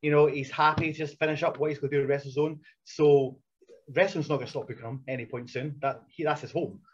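A man, a wrestler and coach, telling stories as a podcast guest in a casual, animated way that is full of swearing and restarts. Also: on the high side, quick pace, slightly rough. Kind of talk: casual storytelling chat. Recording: muffled lo-fi sound.

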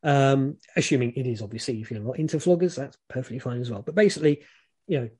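A British man chats through frank advice in a relaxed, rambling way, full of ums and restarts. His voice is mellow and warm at a middling pitch. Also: fast talker, slightly rough. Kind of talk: casual advice chat.

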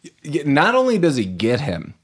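A man's voice: on the high side, huge pitch swings, moderate pace, slightly rough. A man co-hosting a casual movie recap podcast, joking, laughing often and acting out lines. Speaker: podcast co-host.

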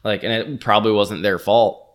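A man with a fairly low voice co-hosts a casual podcast. He talks in a hesitant way, often breaking off and starting his sentences over. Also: fairly even intonation, moderate pace. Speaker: podcast co-host. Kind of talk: casual wrestling podcast chat.

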